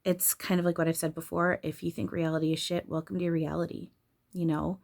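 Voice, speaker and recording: A woman's voice: on the low side, level tone, brisk, gravelly, a little mellow. A woman channeler talking casually and candidly about spirituality, swearing freely and laughing often.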